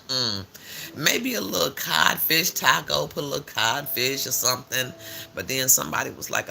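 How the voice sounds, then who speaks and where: An older man chats his way through a morning live stream with loose, slang-filled storytelling. His voice is gravelly and very bright, and his pitch swings widely as he talks. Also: slight background noise. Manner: chatty, animated storytelling with frequent laughs and slang.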